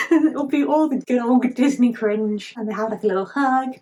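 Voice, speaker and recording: A woman's voice: fairly high pitch, moderate pace, mellow, muffled recording. Chatty woman vlogger, lots of "like". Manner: chatty, heavy use of filler "like", giggly. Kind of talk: casual retelling of a rewritten film plot.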